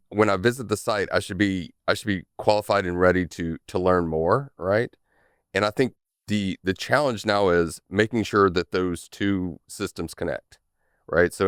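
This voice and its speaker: A man's voice: low voice, clean tone, no room sound, studio quality. A man with a Southern US drawl, a sales manager chatting as a podcast guest, often repeating words and adding "right?". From Tennessee. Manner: repeats words often, frequent "right?" tags, laughs easily. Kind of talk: casual podcast chat.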